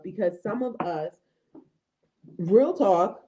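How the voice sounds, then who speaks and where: A woman in her thirties hosting a faith talk, speaking to viewers in a lively, chatty way and often checking in with "right?" and "okay?". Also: medium pitch, slow pace, long pauses. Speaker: host of a faith affirmation show. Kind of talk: casual devotional talk.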